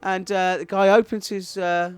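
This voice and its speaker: A man's voice: high voice, flat delivery, moderate pace, smooth, dry recording, soft background music. A man co-hosting a comedy podcast, telling a long joke and trading sweary, exasperated banter. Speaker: podcast co-host.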